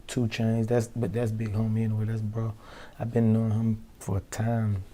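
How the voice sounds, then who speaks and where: A young male rapper tells studio stories in a casual interview, using loose, slangy street talk and acting out the quotes. His voice is fairly low and monotone with a dark tone, moving at a moderate pace over slight background noise.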